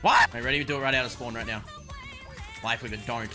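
A young man streaming a video game, talking to himself with excitable commentary and sudden yelps. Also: mid-range voice, fast. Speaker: gaming streamer. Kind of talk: live gameplay commentary. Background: background music.

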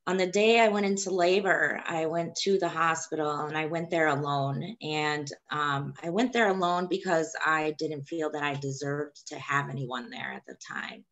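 A young woman gives a personal testimony about giving birth, in a halting, hesitant way. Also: low-pitched, fairly bright tone, highs cut off. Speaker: woman sharing her childbirth story.

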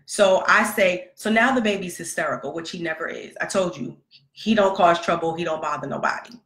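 The mother and podcast host again relates a lengthy personal tale about her son, acting out the quotes in a casual, lively manner. This time her voice is on the low side and fairly quick. A roomy echo colors the recording.

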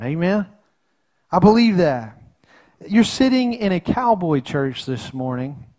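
A man's voice: sits high, a little mellow. A middle-aged man preaching a sermon in his church in an earnest, folksy way, often repeating and restarting his words. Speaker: pastor. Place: church sanctuary.

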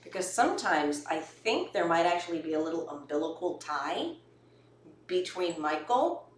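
A woman's voice: lowish voice, big pitch swings, normal speed. A woman co-hosting a home cooking show and teasing her partner with dry remarks. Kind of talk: casual cooking show banter. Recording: roomy, from a distance, faint background hiss.

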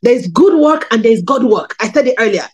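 A woman's voice: fairly quick, breathy edge, rough recording. A woman in her thirties from Nigeria, candidly telling her personal testimony in a sermon. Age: 30s. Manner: candid storytelling, animated pitch swings. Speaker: preacher.

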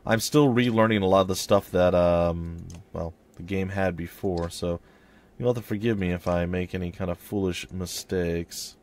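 A man's voice: deep voice, normal speed, a little mellow. Laid-back man commenting on gameplay. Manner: chatty, reads in-game text aloud and voices characters lightly. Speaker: let's play host. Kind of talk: casual gameplay commentary with dialogue read aloud.

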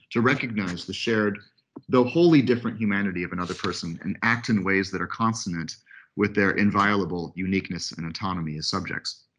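A man giving an academic webinar lecture, reading a prepared text in a measured way with occasional asides. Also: lowish voice, fairly bright tone, slight background noise. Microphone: computer mic on video call.

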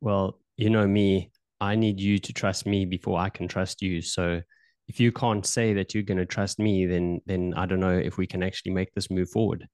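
A man's voice: sits low, little pitch movement, moderate pace, a little mellow, no room sound. A male podcast host improvising a role-play as a politician in his own voice, loose and hesitant, repeating words. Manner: voicing a well-known politician in his own voice.

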